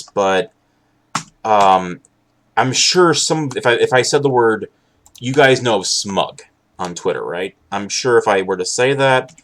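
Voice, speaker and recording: A young man chatting casually while live streaming, rambling and halting with many restarts and an occasional sarcastic aside. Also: on the low side. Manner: candid, sarcastic at times.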